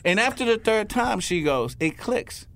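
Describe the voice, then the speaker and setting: New man, ex-cop storyteller, lively swooping voice, acts out scenes. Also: high-pitched, normal speed, creaky. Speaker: retired police officer, guest. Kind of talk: animated storytelling interview.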